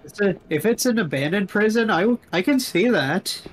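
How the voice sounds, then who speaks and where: A man with a fairly high voice trades playful one-liners with the streamer, loose and jokey. A light hiss of noise runs under his voice. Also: animated, normal speed. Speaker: co-host. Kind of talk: casual banter.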